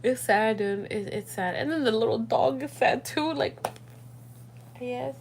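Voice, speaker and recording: A young woman chatting casually on a livestream from home at night, animated and slangy, talking straight to her viewers. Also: fairly high pitch, unhurried, slight background noise. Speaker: livestream host.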